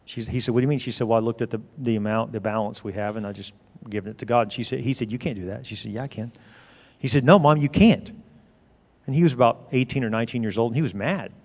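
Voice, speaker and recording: Storytelling pastor in a reverberant hall. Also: male voice, fairly low pitch, racing, a little mellow. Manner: conversational storytelling preacher, emphatic. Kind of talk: sermon. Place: church sanctuary. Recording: long reverb of a large hall.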